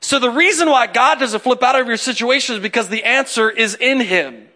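A man's voice: very high voice, brisk, sharp tone. A male pastor giving a humorous, conversational sermon and talking straight to the congregation. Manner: joking, talks straight to the congregation.

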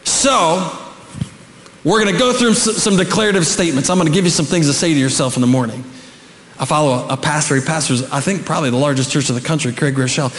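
A middle-aged man with a high voice preaches an animated sermon. He builds to shouts and drops in joking asides. The sound rings with long reverb through a church hall. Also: fast. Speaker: pastor. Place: church sanctuary.

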